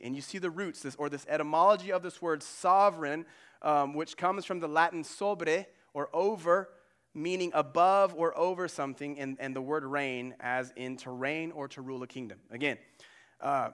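A male pastor delivering a sermon in a relaxed, chatty manner, dropping slang and playful asides as he explains the text. His voice sits a little higher than most men's. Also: smooth. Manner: casual, conversational preaching with slangy asides and acted quotes.

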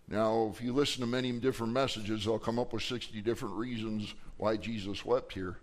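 Guy preaching at church, lively sermon, acts out the bible folks with big swings in voice. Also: lowish voice, brisk, few pauses. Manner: preaching with dramatic acted quotes. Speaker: pastor. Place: church sanctuary.

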